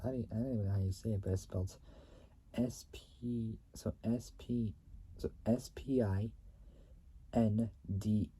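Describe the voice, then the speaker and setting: A man reading company history aloud in a halting way. He stumbles, repeats and restates phrases, and often clears his throat. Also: on the low side, mellow.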